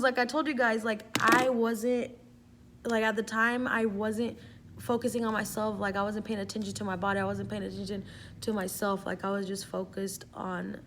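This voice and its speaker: A woman's voice: mid-range voice, slight background noise. A young adult woman vlogging, telling a story in a casual, chatty way, swearing freely and saying "like" a lot.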